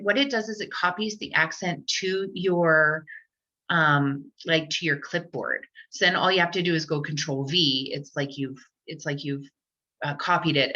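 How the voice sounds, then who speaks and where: A woman's voice: low-pitched, bright, forceful tone. A woman presenting a live online tech workshop for teachers, chatty, with lots of fillers and restarts. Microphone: computer mic on a video call. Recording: dull lo-fi online call audio.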